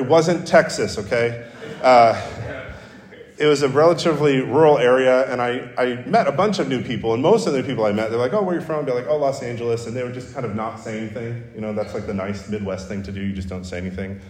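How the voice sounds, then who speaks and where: Pastor, man, casual storytelling sermon, booming church reverb. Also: fast. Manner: conversational, self-deprecating storytelling. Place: church sanctuary. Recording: roomy hall reverb.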